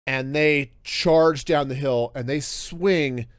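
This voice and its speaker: A man hosting a podcast, talking through a book review in a casual, animated way, often restarting his sentences. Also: mid-range voice, slow pace, smooth, dry recording. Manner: animated, self-interrupting with restarts and laughs. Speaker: podcast host.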